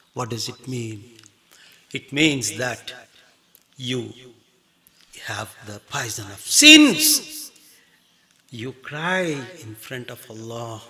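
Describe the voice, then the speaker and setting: A male preacher giving a dramatic sermon, swinging from loud to whispered pleading. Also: medium pitch.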